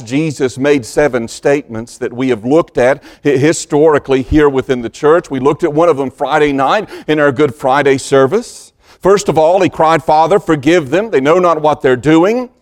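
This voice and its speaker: A man preaching a sermon as pastor, slow and deliberate, dropping to a hushed voice when quoting scripture. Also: a little high.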